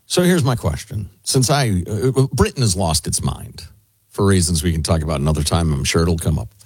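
Playful deep-ish radio co-host man. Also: lively intonation, fairly quick, darkish tone, breathy edge, no room sound, studio quality. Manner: playful, teasing, self-mocking. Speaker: radio talk show co-host. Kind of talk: casual banter.

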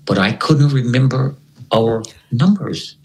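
A man's voice: medium pitch, lively intonation, a little slow, a little hiss or hum, poor audio. A man telling a gripping personal story as an interview guest, retelling it dramatically and repeating words for effect. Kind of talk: animated spoken storytelling.

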